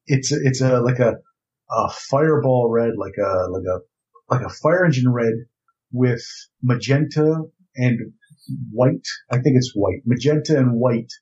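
A man's voice: medium pitch, unhurried, darkish tone. A man co-hosting a podcast, talking casually with lots of fillers and wry jokes. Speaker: podcast co-host. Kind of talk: casual hobby chat. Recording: slightly dull lo-fi mic.

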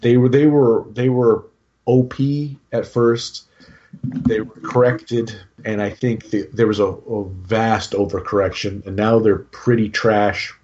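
A man talks casually with a warm, mellow tone, circling back and restarting his sentences as he explains his picks. The recording is dull and slightly muffled. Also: on the low side, steady tone, unhurried. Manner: rambling, lots of restarts and fillers. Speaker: podcast co-host talking through his game army. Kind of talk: casual chat.

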